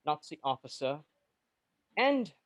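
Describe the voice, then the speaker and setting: A man's voice: on the high side, big pitch swings, takes it slowly, no room sound. A man voicing a formal British army captain briefing a secret squad.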